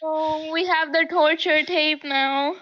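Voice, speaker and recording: A woman's voice: high voice, steady tone, takes it slowly, dull audio, a crowd in the background. A woman co-streamer in a casual, rambling chat during a game stream. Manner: giggly, rambling.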